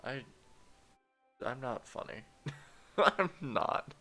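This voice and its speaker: A man's voice: mid-range voice, lively intonation, drawn-out words, sharp tone, faint music behind. A man streaming a story game who rambles and mocks himself and laughs at his own jokes. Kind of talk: game playthrough commentary.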